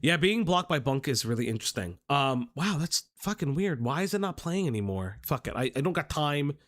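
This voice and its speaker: A man's voice: on the high side, sing-song, fairly quick, a bit bright. A young man hosting a commentary livestream, rambling and swearing casually with lots of fillers. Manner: rambling, profane, many fillers and restarts.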